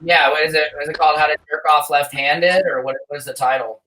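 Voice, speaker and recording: A man hosting a podcast, laid-back and quick to laugh in casual chat. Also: on the high side, fairly even intonation, bright, forceful tone, distant mic, a little hiss or hum, rough recording. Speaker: podcast host.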